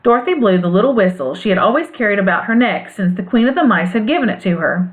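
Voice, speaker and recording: A woman narrating a classic storybook aloud in an expressive, lilting way. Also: medium pitch, quick pace. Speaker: audiobook reader. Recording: phone-like narrow band sound.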